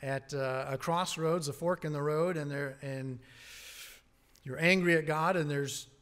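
A man preaching a sermon as pastor, earnest, rising on key words and dropping low on asides. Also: steady tone, unhurried, fairly bright tone.

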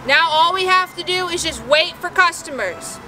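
A young woman with a high, bright voice chats animatedly to her toys and her viewers in a playful vlog. The sound carries a roomy echo, with faint music underneath. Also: animated, moderate pace. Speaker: vlogger playing with toy llamas. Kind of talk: playful kids' vlog narration.

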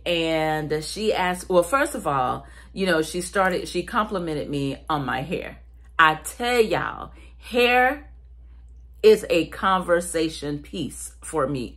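A woman from South Carolina with a Southern US accent, chatting casually to her viewers and calling them "y'all.". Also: fairly low pitch. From South Carolina, USA. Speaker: vlogger.

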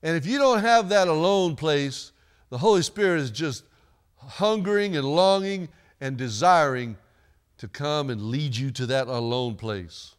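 A man's voice: a little high, expressive, measured pace, smooth. A man preaching a sermon in a church, chatty and joking with the congregation between readings. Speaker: pastor. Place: church sanctuary.

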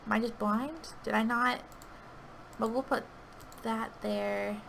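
A woman giving anxious, pleading live commentary on her own gameplay, with sudden loud outbursts. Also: fairly high pitch, steady tone, takes it slowly, vocal fry, slight background noise, low-quality recording. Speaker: gaming video creator. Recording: keyboard clicking audible behind voice.

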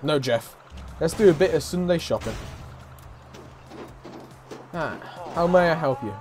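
Male let's-play host, brash and taunting; animated, unhurried delivery over quiet game music. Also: on the high side. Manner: loud, mocking, swears and taunts at game characters. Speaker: gaming YouTuber. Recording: game music faint behind.

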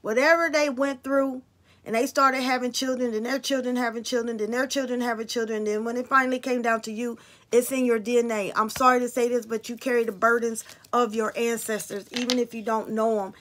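A woman's voice: on the high side, steady tone, fairly quick, a bit bright. A woman card reader talking casually and bluntly to her viewers about spirits and signs, swearing freely.

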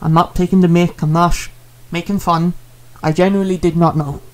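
A man's voice: a little high, fairly even intonation, brisk, a little mellow. A man, a streamer talking casually and earnestly, rambling and repeating himself with many fillers as he apologizes to a viewer.

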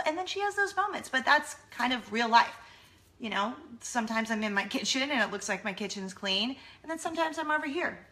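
A woman's voice: a little high, pushed and bright. A woman, a mother, chatting casually and self-deprecatingly to her camera. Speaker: vlogger, mother of two. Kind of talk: casual vlog chat.

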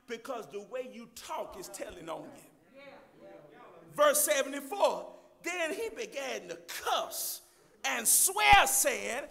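A man preaching a sermon, loudly addressing the congregation as church, with a gravelly edge. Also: very high voice, lively intonation, measured pace. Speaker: pastor.

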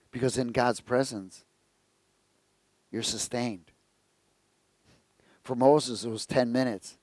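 A man's voice: mid-range voice, a little mellow, dry recording. A man preaching a conversational sermon, telling jokes and asking the congregation questions. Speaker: pastor.

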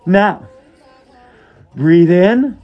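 A man playing a gushing high-voiced yoga lady. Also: expressive, very slow, highs cut off, faint music behind, exaggerated voice. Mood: dreamy. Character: over-earnest female yoga instructor, gushing and dreamy. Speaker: yoga instructor. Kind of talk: comic yoga class sketch.

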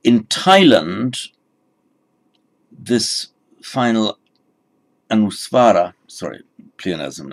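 A man's voice: low voice, creaky. A man teaching a Sanskrit lesson, explaining patiently and correcting himself as he goes. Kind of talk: recorded language lesson.

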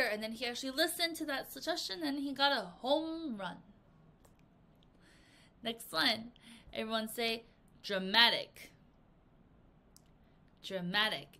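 A woman's voice: a little high, normal speed, long pauses. A woman English teacher walking young students through a vocabulary lesson and acting out the example sentences. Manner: animated, acts out example sentences. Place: language academy in Korea.

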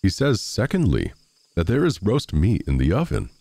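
A man playing a crafty little peasant farmer, sly and knowing, lively lilt, gravelly edge. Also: lowish voice, normal speed, dry recording, voice pushed up, exaggerated voice.

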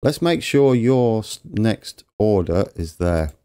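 During his let's play, this host takes things slowly in a lowish, smooth, dark voice with lively intonation. He chats with viewers about the game while repairing trains, cheerfully mocking his own slip-ups.

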